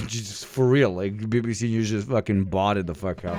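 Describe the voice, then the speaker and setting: A man's voice: fairly low pitch, moderate pace, darkish tone, soft background music. A man streaming live and reacting to clips with casual, profane jokes.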